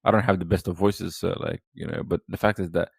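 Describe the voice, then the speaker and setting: A podcast guest, talking casually and rambling with lots of fillers and restarts. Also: male voice, sits low, steady tone, fast talker, gravelly, a little mellow, husky, no room sound. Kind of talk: casual chat.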